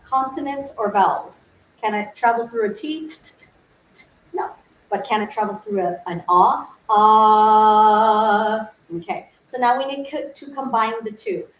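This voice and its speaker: A woman's voice: a little high, slight background noise. A woman voice teacher giving an informal livestream lesson, explaining patiently, asking rhetorical questions and demonstrating sung syllables. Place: room, solo livestream. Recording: echoey room, faint ambience.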